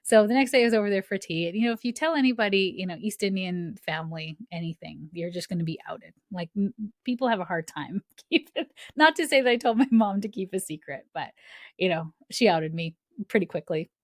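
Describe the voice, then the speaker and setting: A woman's voice: medium pitch, expressive, a little fast, no echo, studio quality. A woman hosting a podcast, telling a personal story in a chatty, filler-heavy way, often laughing and acting out the voices of people she quotes. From Canada. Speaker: podcast host.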